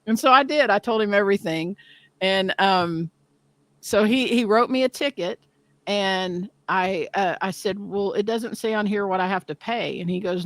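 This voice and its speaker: A woman in her fifties telling a story in casual chat, animated and self-deprecating, often laughing. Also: medium pitch, normal speed, no room sound. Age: 50s.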